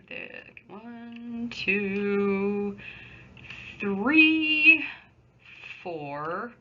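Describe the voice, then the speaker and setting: A woman's voice: medium pitch, bright, forceful tone, highs cut off. A woman teacher giving a recorded remote English lesson, explaining patiently in a conversational way with small asides, recorded at home on a computer microphone. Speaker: high school English teacher.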